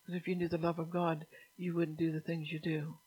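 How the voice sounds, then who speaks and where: A middle-aged woman preacher gives an impassioned sermon, rebuking her listeners in loud, forceful bursts. Her husky voice moves fairly quickly, and its pitch remains flat and narrow however loud she gets.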